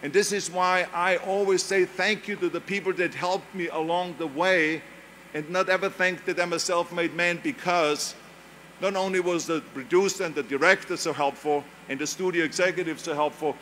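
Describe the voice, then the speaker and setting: An older man with an Austrian German accent, German being his first language, speaks in a high voice at normal speed, a bit bright and with fairly even intonation, over slight background noise. His motivational speech is emphatic and story-driven, and he mimics other people's voices.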